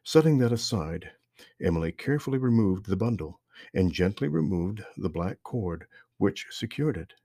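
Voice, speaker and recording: Podcast narrator: man, low husky voice, calm and measured, dry close sound. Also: no room sound. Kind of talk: scripted story narration.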